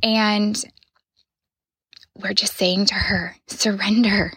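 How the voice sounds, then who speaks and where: A woman in her thirties hosting a podcast, sharing a personal reflection in an earnest voice that often drops to a soft whisper. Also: lowish voice, a little slow, no echo. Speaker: podcast host.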